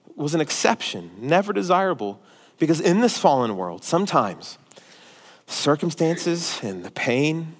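A male pastor preaching a sermon, forceful and emphatic at times and quiet and pastoral at others. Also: on the high side, big pitch swings, measured pace. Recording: long hall reverb.

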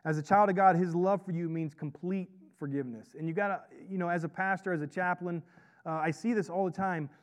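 Conversational pastor with a slightly high voice. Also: male voice, fairly even intonation, brisk. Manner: conversational, repeats "right?" to draw in the congregation. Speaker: pastor and chaplain. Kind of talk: sermon.

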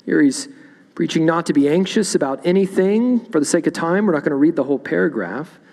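A man's voice: on the high side, expressive, fairly quick, creaky, darkish tone. Man preaching in a reverberant church. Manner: expository preaching, reading scripture aloud. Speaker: pastor. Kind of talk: sermon. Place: church sanctuary.

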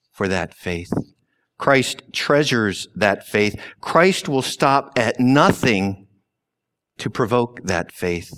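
A man preaching a sermon slowly and deliberately, with long pauses and sudden drops to a hush. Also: mid-range voice. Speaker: pastor.

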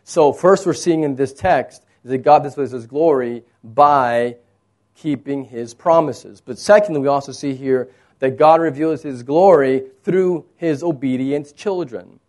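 A man from Texas preaching a sermon, moving between soft low asides and raised, emphatic points. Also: measured pace. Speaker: pastor.

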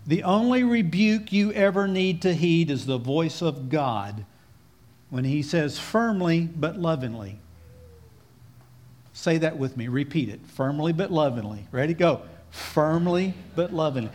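Earnest preacher man, fairly high voice. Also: animated, a little slow. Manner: earnest, exhorting, calls on listeners to repeat after him. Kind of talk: sermon.

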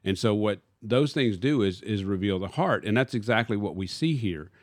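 A man's voice: lowish voice, expressive, normal speed, dry recording, studio quality. A man, a pastor, teaching casually in a discussion and posing rhetorical questions to his listener.

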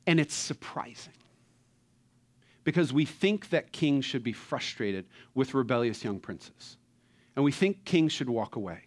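A man preaching a sermon who acts out movie characters and swings between loud, excited bursts and hushed, tender tones. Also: medium pitch, a little slow. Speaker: pastor.

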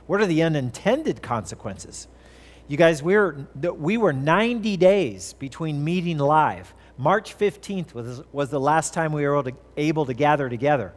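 Storytelling pastor in a reverberant church. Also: male voice, a little high. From California. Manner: storytelling, animated, with playful kid-voice asides. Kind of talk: sermon. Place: church sanctuary. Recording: long church-hall reverb.

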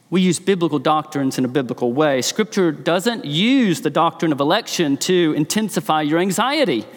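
A man preaching a sermon in an earnest, emphatic way, slowing and speeding up to stress his points. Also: high voice. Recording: long hall reverb.

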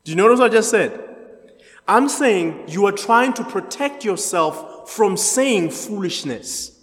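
A man's voice: high-pitched, expressive, measured pace. A man leading an interactive Bible study, chatty, laughing often and quizzing the group. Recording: echoey hall.

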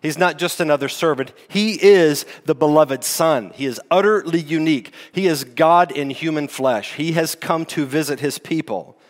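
A man's voice: fairly high pitch, normal speed, few pauses. A man preaching a sermon as lead pastor, teaching in a conversational way with rhetorical questions. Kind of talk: expository sermon. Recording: long hall reverb.

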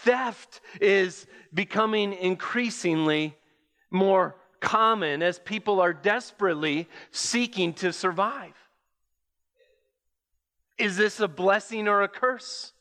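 A man preaching a sermon, telling an imagined story slowly and deliberately, with pauses. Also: high voice, pushed and bright. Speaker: pastor. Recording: long hall reverb.

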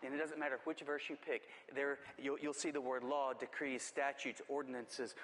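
A man's voice: medium pitch, little pitch movement, moderate pace, long reverb tail, slight background noise. A man preaching a sermon with impassioned, repetitive emphasis that builds in force. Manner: impassioned, repetitive emphasis, rising to near shouting.

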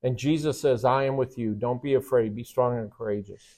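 A man's voice: medium pitch, a little fast, darkish tone. A man teaching a Bible study lesson in an emphatic, conversational way, often checking in with rhetorical questions and taking questions from the class.

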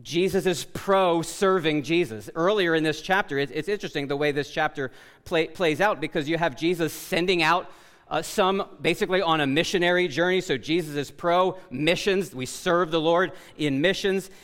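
A man preaching a sermon as pastor, loud and emphatic, often correcting himself mid-sentence. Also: fairly high pitch, normal speed, clean tone. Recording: long reverb of a large hall.

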